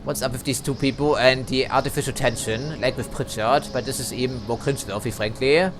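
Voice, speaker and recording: A man's voice: medium pitch, fairly even intonation, fairly quick, over music. Chatty man commenting on gameplay. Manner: chatty, hedging, dryly critical. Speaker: let's play commentator.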